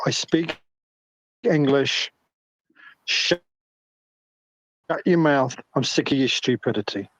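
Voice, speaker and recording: A man's voice: on the high side, slow pace, pauses often. A man with a New Zealand accent in a heated online voice chat, exasperated and repeating himself. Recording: dull lo-fi voice chat audio.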